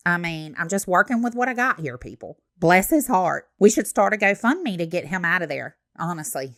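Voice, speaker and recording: A woman's voice: lowish voice, expressive, normal speed, few pauses, a bit bright, no room sound, clean studio sound. A young woman giving blunt, sarcastic reaction commentary, swearing freely. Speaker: commentary host.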